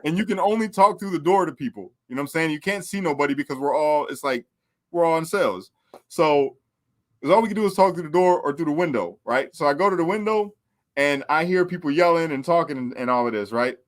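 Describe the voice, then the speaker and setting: Animated high-voiced storytelling man. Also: a little fast. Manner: animated, laughing storyteller, slangy. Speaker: guest. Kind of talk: casual storytelling.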